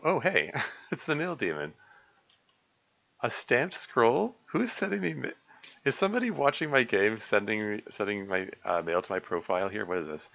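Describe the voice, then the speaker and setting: A man's voice: fairly low pitch, very animated, moderate pace, vocal fry, fairly bright tone, muffled recording. A man casually commenting on his own game stream, rambling with many fillers, restarts and small chuckles. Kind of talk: casual let's-play commentary.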